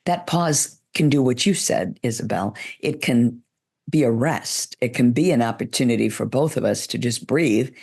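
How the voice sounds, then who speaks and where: This interview features a female public speaking coach whose advice is paced and deliberate, with pitch shifts demonstrated mid-speech. Her tone is darkish and husky.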